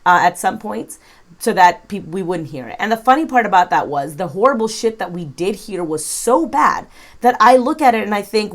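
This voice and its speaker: A woman's voice: mid-range voice, animated, moderate pace. A woman giving reaction commentary in a blunt, frank way, swearing casually as she talks. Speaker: commentary YouTuber.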